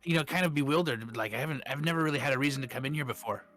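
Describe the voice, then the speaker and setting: A man playing a tabletop game, describing his character's actions in a rambling, halting way. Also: mid-range voice, a bit bright, faint music behind. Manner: rambling, halting, many restarts. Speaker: player. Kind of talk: casual tabletop game chat.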